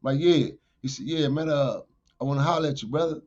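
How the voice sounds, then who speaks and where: A man with a fairly high voice spins a street tale as a podcast guest, animated and profane throughout. He jumps into loud bursts whenever he quotes himself. The audio is dull and lo-fi. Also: fairly quick.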